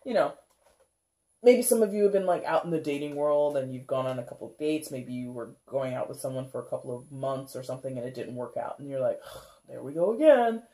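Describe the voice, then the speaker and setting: With a mellow, warm, mid-range voice and a quick pace, a tarot reader rambles through a casual reading for viewers, saying "like" and "kinda" a lot. She laughs often and playfully acts out how viewers might be feeling.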